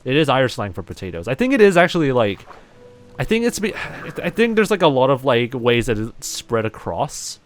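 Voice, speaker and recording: Soft music plays behind a man with a medium-pitched, sing-song voice at normal speed, his light New Zealand accent carrying a somewhat American edge. He games while chatting loosely to his stream and reading chat aloud, rambling with plenty of "like," "um," and restarts.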